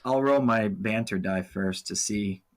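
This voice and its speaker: A man's voice: on the low side, unhurried. A man playing a tabletop game, chatting casually and joking with the game master. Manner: joking, playful. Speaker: player.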